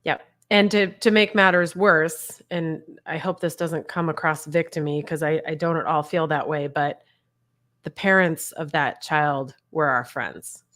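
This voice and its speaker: A woman's voice: sits low, measured pace, a bit bright. A woman in her forties, a mother, frankly telling her family's story as an interview guest over a video call, talking conversationally with light laughs. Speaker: guest, mother of a bullied son. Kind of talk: candid personal story in an interview.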